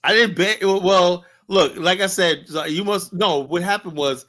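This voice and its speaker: A man's voice: high voice, normal speed, fairly bright tone. Joking rambling male livestream host. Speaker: show host. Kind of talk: casual livestream debate.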